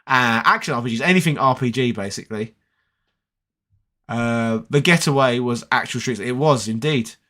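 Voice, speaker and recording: A man's voice: mid-range voice, moderate pace, pushed and bright. A man hosting a gaming channel, chatting casually and rambling as he answers viewer comments. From United Kingdom. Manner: chatty, rambling, with many fillers.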